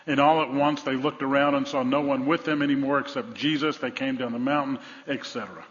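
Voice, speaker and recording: A male pastor preaching a sermon, telling stories and swinging from loud emphasis to hushed tones. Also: medium pitch, fairly even intonation, a little fast, hardly any pauses. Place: large church sanctuary. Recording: dull sound, long hall reverb.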